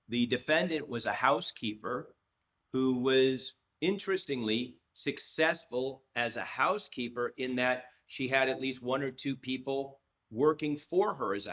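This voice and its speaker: A man in his sixties tells a long story as a podcast guest. He speaks at a middle pitch, restarts his sentences often, and slips into voices when he quotes people. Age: 60s. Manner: lively storyteller who acts out quoted dialogue, with frequent restarts. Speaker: trial lawyer, podcast guest. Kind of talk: anecdotal storytelling in a podcast interview.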